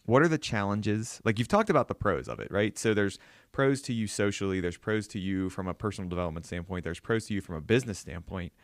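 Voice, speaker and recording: A man's voice: fairly low pitch, quick pace, dry recording, clean studio sound. A man hosting an interview podcast, asking probing questions and laying out points in a list before he asks. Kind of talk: casual interview chat.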